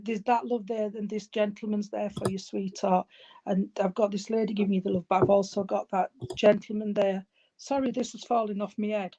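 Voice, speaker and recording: A woman working as a spiritualist medium at a church service, relaying messages in a halting way and often calling the listener darling or sweetheart. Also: mid-range voice, lo-fi sound. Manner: halting, with many fillers and restarts. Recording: loud background noise with clicks.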